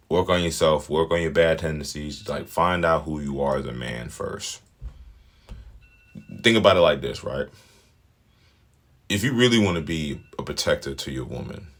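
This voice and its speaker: A man's voice: rumbling low, a bit bright. A man giving casual opinion commentary on a show, blunt, emphatic and full of profanity.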